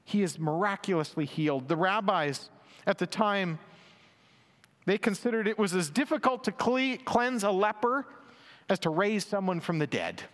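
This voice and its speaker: Set in a hall with long reverb, this sermon comes from a man whose high voice is a bit bright, with lively intonation at a moderate pace. He reads and explains scripture earnestly and emphatically, raising his voice for quotes.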